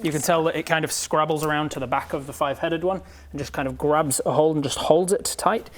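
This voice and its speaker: A man running a tabletop game as game master, narrating the action in a lively way and often laughing. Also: a little high, fast talker.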